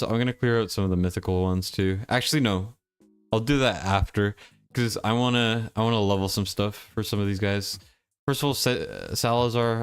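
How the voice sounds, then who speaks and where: Laid-back low-voiced male game streamer. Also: smooth. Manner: laid-back, mumbling, reads chat aloud; low-key monotone. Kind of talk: casual game stream commentary.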